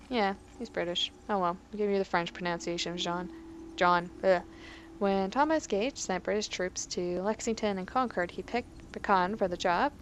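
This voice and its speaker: A woman with a medium-pitched voice hosts a let's play in casual gameplay commentary, reading in-game history entries aloud, adding joking asides, and frequently stumbling over her words. There's a little hiss or hum in the audio.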